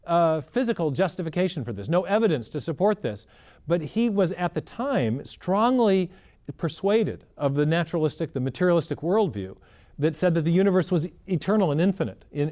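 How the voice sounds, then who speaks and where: A man's voice: on the high side, a little mellow. A man answering as an interview guest, explaining in an earnest, methodical way and often restarting his sentences. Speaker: guest scientist.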